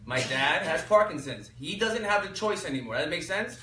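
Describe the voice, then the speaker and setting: A man with a bright, slightly high voice coaches a live audience, pausing to let them finish his sentences. The mic sits some way off, so his voice carries a roomy echo over faint background noise. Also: recorded from a distance. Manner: energetic, quizzes the audience with fill-in questions. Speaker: workshop speaker. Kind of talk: motivational workshop talk. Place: echoey workshop room.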